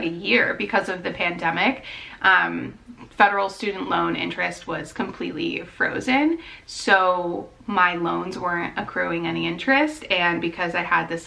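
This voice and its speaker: A law student in her twenties vlogs her day out and about, in the car and on campus, rambling in a chatty, upbeat way. Her voice is fairly low with vocal fry, bright and forceful, though the recording quality is low.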